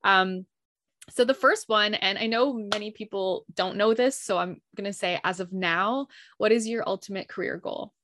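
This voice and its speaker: A woman's voice: medium pitch, normal speed, a bit bright, no echo. A woman hosting a podcast, asking questions in a friendly, casual way. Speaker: podcast host. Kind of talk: casual interview chat.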